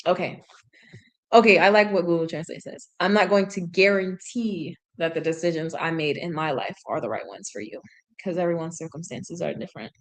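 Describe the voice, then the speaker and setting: A woman, casually reading aloud and translating on a live stream, chatty and quick to correct herself. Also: lowish voice. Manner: chatty, self-correcting, laughs at herself, drops into sung snippets. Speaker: language learner streaming a reading session.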